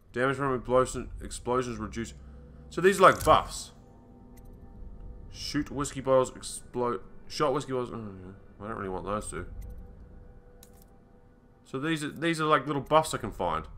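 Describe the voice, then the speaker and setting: A man hosting a let's play, reading in-game menu text aloud as he goes and swearing casually in relaxed commentary. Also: medium pitch.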